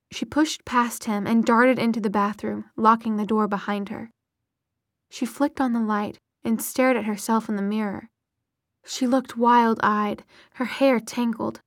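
A woman narrating a romance novel in a soft, breathy whisper. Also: on the high side, steady tone, unhurried, no echo, studio quality.

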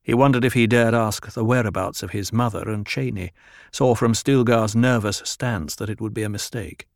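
A man narrating an audiobook in a calm, measured reading style. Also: fairly low pitch, creaky, no room sound, clean studio sound. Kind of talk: scripted narration.

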